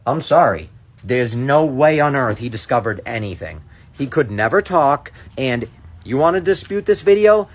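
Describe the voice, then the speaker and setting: A man talks straight to his phone in a heated, sarcastic rant. His pitch sits at an ordinary middle level, and he keeps throwing out challenges and daring the viewer again and again. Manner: indignant, sarcastic, repeats challenges. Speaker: social media creator. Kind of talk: casual ranting to camera.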